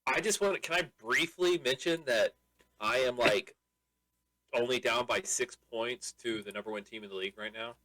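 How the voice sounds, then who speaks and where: Bright, dry-voiced joking man. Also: mid-range voice, normal speed, no echo. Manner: joking, playful, puts on silly quoted voices. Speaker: podcast co-host. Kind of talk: casual banter.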